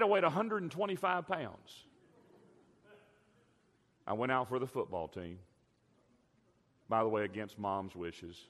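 A middle-aged man preaching a sermon, telling stories with emphatic swings between loud and quiet. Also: fairly low pitch. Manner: animated storytelling, emphatic swings in loudness. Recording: long reverb of a large hall.

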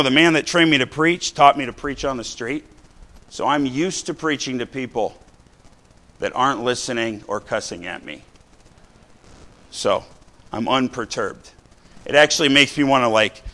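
Conversational preacher man, bright and punchy. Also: mid-range voice. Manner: conversational, rising to shouts of emphasis; frequent "right?" and "you know" asides to the congregation. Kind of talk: sermon.

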